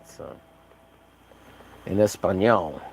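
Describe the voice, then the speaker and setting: A man's voice: sits low, lively intonation, very slow, gravelly, breathy edge. A man chatting casually on a livestream while painting, rambling and joking at his own expense. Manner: rambling, jokey, self-deprecating. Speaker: livestreaming artist.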